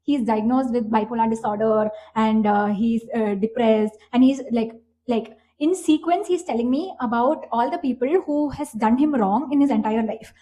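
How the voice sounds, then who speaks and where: A young woman with an Indian English accent telling a story casually, animated, with plenty of swearing, fillers and restarts. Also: on the high side, moderate pace, slight background noise, rough recording. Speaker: vlogger.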